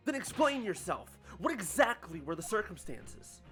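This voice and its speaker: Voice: mid-range voice, very animated, moderate pace, a bit bright, soft background music. A streamer voicing an earnest young male defense lawyer, with emphatic, indignant outbursts, while reading a game's dialogue. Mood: determined. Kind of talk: voicing game characters on a livestream.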